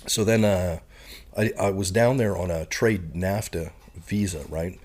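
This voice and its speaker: Middle-aged man, lowish and husky, an animated guest storyteller. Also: measured pace. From Canada. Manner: animated storyteller who acts out the people in his stories. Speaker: podcast guest. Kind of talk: casual storytelling.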